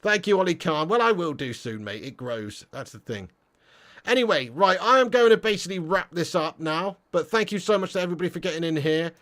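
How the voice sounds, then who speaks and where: A man hosting a live football fan stream, reading chat comments and ranting bluntly with plenty of swearing. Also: high-pitched. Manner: swearing, blunt, excitable rants. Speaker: football fan channel host.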